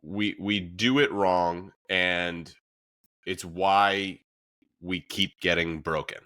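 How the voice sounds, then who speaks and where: Man, podcast host, low voice, tense bright tone, chatty, fillers and laughs, dry sound. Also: fairly even intonation, takes it slowly, dry recording. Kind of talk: casual podcast conversation.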